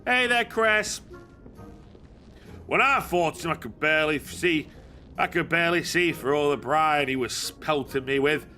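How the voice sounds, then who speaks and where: Man doing a swaggering braggart hero, high-pitched bluster, bright and lively, game dialogue. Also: unhurried, soft background music. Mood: boastful. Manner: blustering, dialect-heavy bragging. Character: boastful gruff male hero, swaggering braggart.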